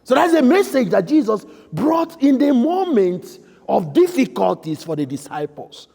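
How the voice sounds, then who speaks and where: A man preaching a sermon as priest in a church, emphatic, swinging between loud outbursts and soft, quiet lines. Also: very high voice, sing-song, unhurried, creaky, slightly rough. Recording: echoey church hall.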